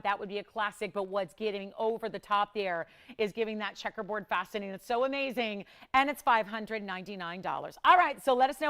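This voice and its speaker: A woman's voice: a little high, a bit bright. A woman hosting a live TV jewelry shopping show, enthusiastic and repeating words for emphasis. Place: TV studio.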